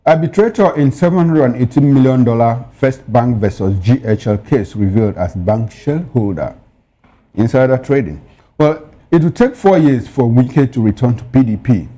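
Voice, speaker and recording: A man's voice: mid-range voice, expressive, moderate pace, dark tone. A man co-hosting a newspaper review, reading headlines and dropping pointed, opinionated asides. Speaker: news show co-host.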